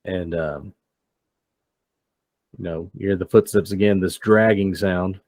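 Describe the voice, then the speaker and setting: A man's voice: low voice, fairly even intonation, a little slow, a little mellow, a little hiss or hum. A man narrating as game master of a tabletop game, hesitant and full of fillers.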